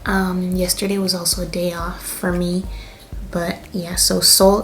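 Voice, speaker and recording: A woman's voice: on the low side, steady tone, moderate pace, a little hiss or hum. A young woman in her twenties from Canada with a Canadian accent, chatting casually as she tells a storytime in her vlog. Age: 20s. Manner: chatty, lots of fillers and laughs. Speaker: vlogger.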